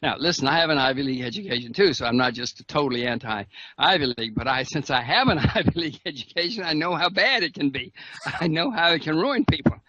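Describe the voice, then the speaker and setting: A man's voice: on the high side, expressive, fast, pushed and bright, no room sound. A man speaking as an interview guest, emphatic, restarting phrases and adding wry laughs. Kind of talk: interview conversation. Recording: dull dry lo-fi sound.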